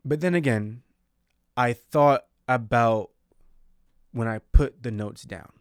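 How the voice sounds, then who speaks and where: A man's voice: mid-range voice, takes it slowly, clear, resonant tone, no echo. Guy doing a faith podcast solo, earnest and rambly, mid voice, dead dry mic. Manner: earnest, rambling, self-reflective. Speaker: podcast host.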